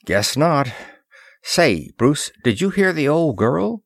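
A man's voice: fairly high pitch, very animated, slow pace, vocal fry, dry recording, clean studio sound, pitched above the performer's own voice, heavily acted. A man doing a wisecracking young flyer. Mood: wry. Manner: joking, hasty.

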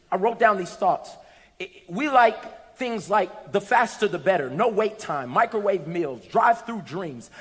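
A man preaching a sermon, telling a story with lively asides and rising into shouts to his congregation. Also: high voice. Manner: animated storytelling, builds to shouts. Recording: long hall reverb.

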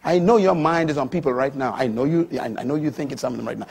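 Older guy preaching, husky voice, goes quiet then loud and high. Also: quick pace, few pauses. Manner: dramatic swings from quiet to loud, rising pitch on key lines. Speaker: pastor. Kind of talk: sermon.

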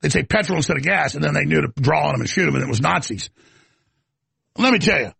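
A male talk show host who rambles heatedly from one point to the next. His voice sits a bit high and is rough and gravelly, recorded dry and close. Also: expressive, quick pace, a bit bright, no echo. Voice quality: gravelly, raspy. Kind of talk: talk radio rant.

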